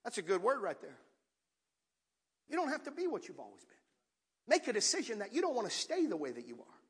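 Bright, husky-voiced man preaching a sermon. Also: sits high, wildly swooping pitch, brisk, big-room sound. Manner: impassioned, rising to shouts with audience call-outs. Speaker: pastor. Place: church sanctuary.

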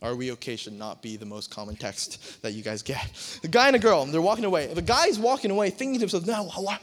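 A young man preaches to a youth crowd in a lively, joking way, breaking into acted-out scenes and sudden shouts. His voice sits high for a man. It echoes with a long reverb through a large hall. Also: fast talker. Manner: animated, joking, acts out movie scenes with shouts. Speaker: youth pastor.

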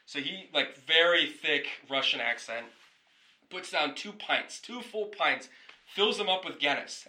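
Male podcast host, very bright timbre, loose rambling storyteller who swears casually. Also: on the high side, expressive, unhurried, rough recording.

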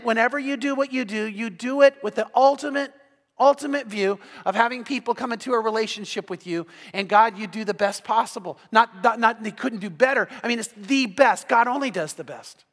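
A high-pitched middle-aged pastor tells stories from the pulpit in an earnest sermon. He often doubles words as he starts a thought. His voice rings with the long reverb of a large church hall. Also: fairly bright tone. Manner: storytelling, earnest, repeats words when starting sentences.

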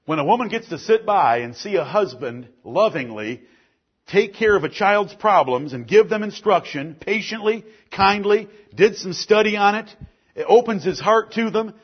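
A man's voice: high-pitched, lively intonation, normal speed, husky, dull audio. A man preaching a sermon as pastor, building emphasis through repeated lists.

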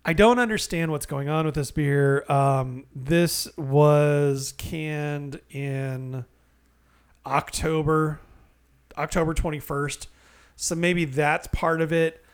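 A man co-hosting a casual beer podcast, telling a story with animated, profane exaggeration. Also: on the high side, slow, clean tone. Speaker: podcast co-host. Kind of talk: casual beer-review banter.

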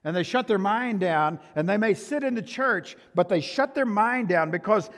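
Older guy preaching, kinda high voice, loud then quiet, big echoey church. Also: animated, moderate pace, few pauses. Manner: emphatic, swings from loud to soft. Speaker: pastor. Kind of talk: sermon. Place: church sanctuary. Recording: reverberant church hall.

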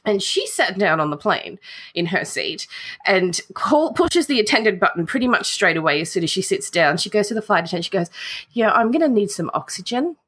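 Animated Australian woman telling a story. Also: fairly low pitch, brisk, slightly rough. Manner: animated, swears freely, acts out the people in her story. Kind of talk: casual storytelling chat.

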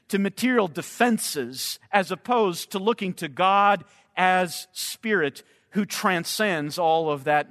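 A man preaching a sermon, slow and emphatic, sometimes repeating words as he searches for the next phrase. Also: high voice, fairly bright tone. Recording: long hall reverb.

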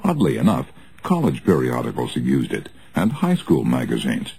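A man reading a nonfiction audiobook aloud in an earnest, measured way with expressive rises. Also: extremely low pitch, creaky, husky, poor audio. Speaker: audiobook narrator.

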